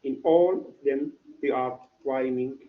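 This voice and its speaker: Guy teaching class, talks real slow, keeps asking "what?", muffled lo-fi recording. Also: medium pitch, roomy sound. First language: Arabic. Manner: repetitive, quizzes students with "what?". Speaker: English literature teacher. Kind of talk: classroom lecture.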